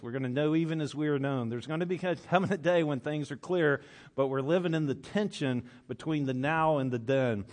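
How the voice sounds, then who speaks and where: A man's voice: a little high, a little fast. A male pastor giving a conversational sermon to a congregation, often restarting his phrases and reading scripture aloud. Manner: conversational, self-correcting, reads old scripture aloud. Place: church with congregation.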